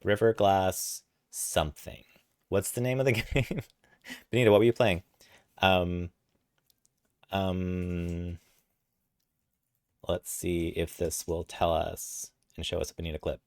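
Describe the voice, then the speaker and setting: Casting a very low-voiced male streamer, chatty and rambling, talking through a puzzle game. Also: fairly even intonation, slow, long pauses, no room sound, clean studio sound. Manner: chatty, rambling, thinks aloud. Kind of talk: casual chat while playing a puzzle game.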